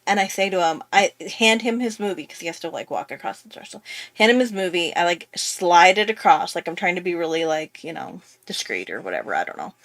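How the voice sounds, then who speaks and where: A woman's voice: fairly low pitch, dry recording. Chatty young woman rambling through a story. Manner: chatty, rambling, full of fillers. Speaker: art YouTuber. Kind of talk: casual storytelling.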